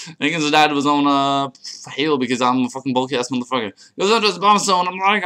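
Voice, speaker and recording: A man casually narrating his own online game battle, crude, profane and excitable, grumbling at his opponent. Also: fairly high pitch, racing.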